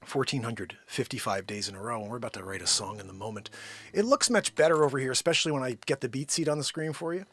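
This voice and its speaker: A man hosting a daily live comedy stream, rambling and joking, swinging from loud bursts to muttered asides. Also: mid-range voice, fast, husky. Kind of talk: unscripted live comedy chat. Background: his own intro song playing.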